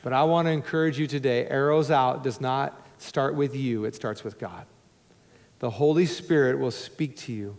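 A male pastor preaching a sermon to a congregation, emphatic and conversational with joking asides, swinging between loud urging and hushed low tones. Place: church sanctuary before a congregation. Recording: long hall reverb in a church.

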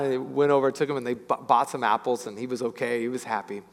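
A male pastor preaching a sermon in an animated way, acting out voices as he tells stories. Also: medium pitch, long reverb tail. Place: church sanctuary.

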